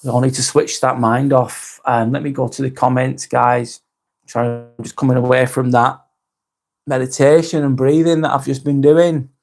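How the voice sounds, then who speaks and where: A man hosting a casual live stream, talking softly and unhurriedly, apologising often and reading out viewer comments. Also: medium pitch, level tone, creaky. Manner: soft, unhurried, apologetic, with frequent ums and restarts.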